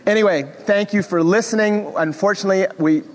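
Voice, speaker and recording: A middle-aged man teaching a Bible class, animated and expressive, with self-deprecating asides. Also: high voice, brisk, big-room sound.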